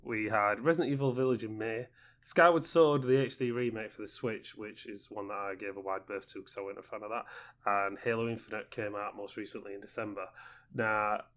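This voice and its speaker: A man's voice: lowish voice, steady tone, brisk, fairly bright tone. A man hosting a podcast in a dry, matter-of-fact way, steering the chat. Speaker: podcast host. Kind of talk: casual chat.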